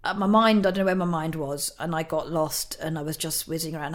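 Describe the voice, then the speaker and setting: A woman's voice: sits low, steady tone, fast talker, few pauses. A middle-aged woman, a guest in an interview, telling a personal story in a chatty way, laughing often and using many fillers.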